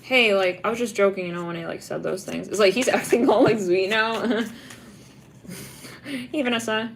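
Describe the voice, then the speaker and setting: A young woman gives a casual tarot reading, rambling, giggling often, and saying "like" constantly. Her mid-range voice is gravelly and brisk, with slight background noise.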